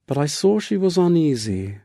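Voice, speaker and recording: A man reading a literary story aloud as narrator, in a measured, deliberate way. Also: on the high side, sing-song, mellow, dry recording, clean studio sound. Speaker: audiobook narrator. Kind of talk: scripted narration.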